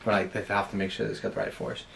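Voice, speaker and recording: Un hombre de Irlanda del Norte con acento norirlandés, en una charla casual, bromista y socarrón. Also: male voice, lowish voice, racing, vocal fry, slight background noise. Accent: Northern Irish. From Northern Ireland. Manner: joking, deadpan storytelling. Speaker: co-host. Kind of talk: casual chat. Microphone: camera mic.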